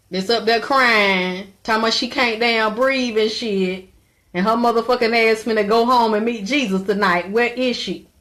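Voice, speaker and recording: A woman's voice: medium pitch, a bit bright. A woman hosting a live stream, chatting brashly with her viewers, laughing and cursing freely. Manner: brash, profane, laughing, talks back to a chat. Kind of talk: casual live-stream chat.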